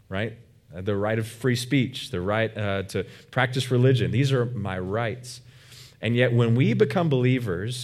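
A man's voice: lowish voice, a little mellow. A man preaching a sermon as a pastor, earnest and emphatic, with frequent fillers and restarts.

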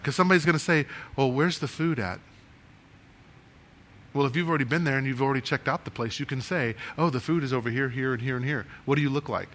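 A man leading a networking workshop before a live room, animated and restless, often asking the audience questions and moving as he talks. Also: medium pitch. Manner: animated, talks with his hands and moves around; asks the room many questions. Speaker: speaker giving a networking workshop.

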